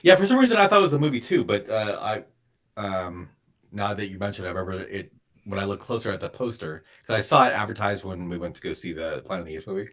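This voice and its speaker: A middle-aged man speaks as a podcast guest in a low voice with wide swings in pitch. He hesitates often, filling gaps with ums as he recalls things. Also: lively intonation, a bit bright. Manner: hesitant, with many ums and pauses. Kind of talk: casual chat.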